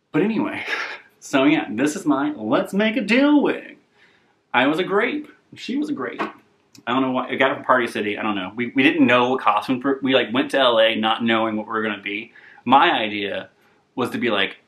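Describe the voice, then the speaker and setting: A man's voice: mid-range voice, bright, forceful tone. Chatty rambling young man vlogging. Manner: chatty, self-deprecating, rambling. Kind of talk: casual rambling vlog.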